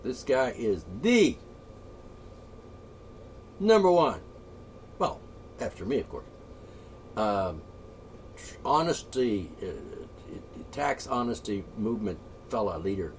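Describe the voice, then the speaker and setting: A man's voice: medium pitch, sing-song, slow, pauses often. Rambling, profane man, slightly distant mic. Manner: profane, rambling, with frequent asides and throat-clearing. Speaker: political ranter. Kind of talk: off-the-cuff solo rant. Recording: voice a bit far from the mic, faint ambient noise.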